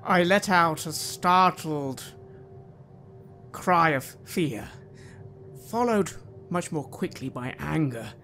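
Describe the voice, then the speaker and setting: Man playing a gravelly, anguished scientist. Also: fairly high pitch, expressive, bright, forceful tone, faint music behind, full character voice. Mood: enraged. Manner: halting, anguished, bursting into rage. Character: desperate widowed male scientist with a cane. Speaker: player. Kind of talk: in-character first-person roleplay.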